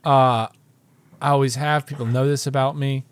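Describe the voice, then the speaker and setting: A man's voice: mid-range voice, steady tone, normal speed, clean tone. A man co-hosting a casual podcast, enthusiastic and full of fillers. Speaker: podcast co-host. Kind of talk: casual chat.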